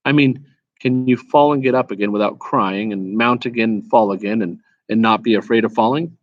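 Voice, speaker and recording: Male reader as a proud talking war horse, brisk, scornful, lecturing, dry close sound, storybook read-aloud. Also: lowish voice, no room sound, muffled recording, lightly acted.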